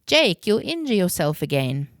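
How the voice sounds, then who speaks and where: A woman voicing a calm caring mother. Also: fairly low pitch, normal speed, no echo, studio quality.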